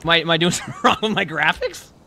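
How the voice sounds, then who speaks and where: A man's voice: a little high, very animated, rapid-fire, gravelly, bright, forceful tone, a little hiss or hum. Puzzled man streamer thinking aloud. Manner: puzzled, thinking aloud while fiddling with settings. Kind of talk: casual gameplay talk.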